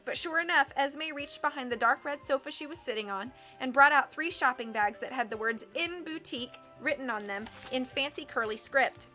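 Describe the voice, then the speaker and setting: A woman reading a novel aloud on a livestream, with expressive, wry storytelling. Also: sits high, fairly quick, hardly any pauses, faint music behind. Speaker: audiobook reader.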